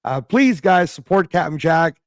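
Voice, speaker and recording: A man with a hoarse voice, a guest in a casual livestream chat, rambling and laughing as he talks. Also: a little high, expressive, moderate pace, no echo, studio quality.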